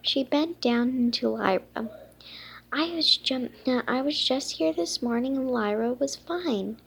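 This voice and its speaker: A young female candy fairy speaks in a storybook reading, voiced by a woman. The voice has a gravelly, husky texture and sits a little high, with slow, halting phrasing. She stumbles and restarts often. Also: heavily acted. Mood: worried.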